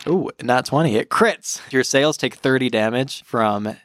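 A man running a tabletop game as dungeon master, making quick, upbeat rulings and laughing often. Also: mid-range voice.

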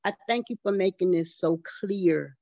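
A woman co-host speaking slowly and agreeably, thanking the man for his lesson. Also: fairly low pitch, gravelly, dark tone, no room sound.

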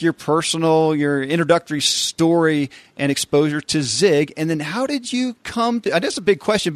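A man's voice: on the high side, no echo. Effusive male podcast host, dry sound. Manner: effusive, enthusiastic praise. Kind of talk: interview hosting.

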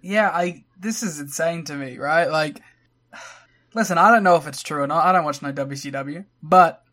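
A man co-hosting a podcast, joking and quick to laugh in casual chat. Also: a little high, pushed and bright. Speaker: podcast co-host.

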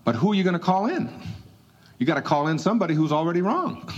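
A man's voice: high voice, very animated, fast, lo-fi sound. A man giving a motivational talk in a conversational, emphatic way, chuckling between points. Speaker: motivational speaker.

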